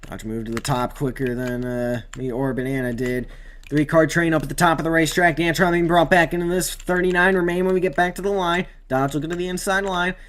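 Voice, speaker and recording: A man's voice: fairly high pitch, a little fast. Rambling man commenting on a racing game. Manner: rambling, excitable at near-crashes. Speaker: gamer doing race commentary.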